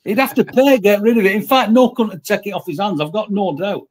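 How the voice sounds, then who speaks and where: A man's voice: high-pitched, fast talker. A man telling blunt workplace stories with heavy swearing as a guest in casual talk. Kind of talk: casual storytelling.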